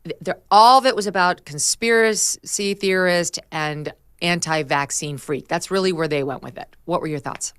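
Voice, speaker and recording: A middle-aged woman hosting a talk show, brisk and emphatic, sometimes laughing as she talks. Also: fairly low pitch, fairly bright tone, clear, resonant tone, dry recording, studio quality. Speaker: host. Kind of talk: talk show host chat and read ad.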